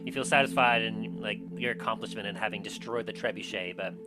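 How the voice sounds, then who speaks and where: A man's voice: lowish voice, brisk, over music, rough recording. A man narrating a tabletop game as game master, rambling with lots of restarts and filler words.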